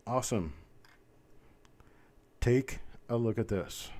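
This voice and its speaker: A man with a drawl runs a live coin auction, chanting bids fast and then slowing down for chatty asides. His voice sits low, with a dark, mellow tone. He sounds like a seasoned middle-aged auctioneer. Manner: rapid bid-calling chant mixed with folksy chatter. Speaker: auctioneer host. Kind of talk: live online auction calling.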